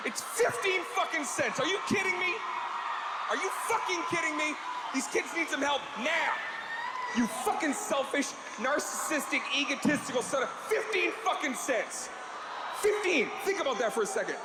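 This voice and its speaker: A raging tough guy in a leather jacket, as a man acts him out, bellowing high and hard with relentless cursing and hectoring. The sound is roomy and live, with crowd noise underneath. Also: expressive, moderate pace. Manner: screaming, profane, hectoring. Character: furious tough guy in leather jacket, stubbled, berating viewers.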